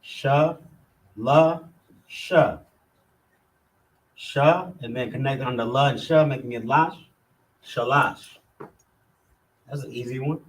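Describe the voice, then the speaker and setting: A man leads a class at an unhurried, deliberate pace, breaking each word into syllables and saying them over and over. His voice sits at an ordinary middle pitch, and he carries on patiently from one item to the next. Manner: slow, methodical, repeating syllables one by one. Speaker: class teacher. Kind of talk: classroom lesson.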